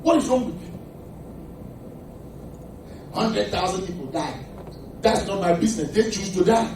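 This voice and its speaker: A man's voice: sits high, expressive, normal speed, noisy background. A man preaching a sermon as pastor, emphatic and quizzing the congregation with questions. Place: church hall. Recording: echoey hall from far off.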